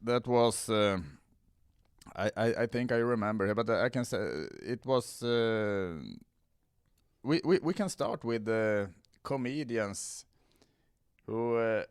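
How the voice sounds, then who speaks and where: A man's voice: medium pitch, slow, smooth, no echo, clean studio sound. A man whose first language is Swedish, hosting a comedy podcast in a casual chat, hesitant with many fillers and restarts.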